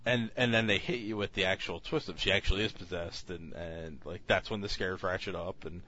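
A man's voice: low-pitched, fairly even intonation, fairly quick, bright, forceful tone, dull audio. A man co-hosting a casual podcast chat, reviewing films in a rambling way with many fillers and restarts.

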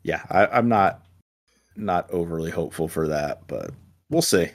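A man hosting a casual movie chat, halting and repeating words as he starts sentences. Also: sits low, animated.

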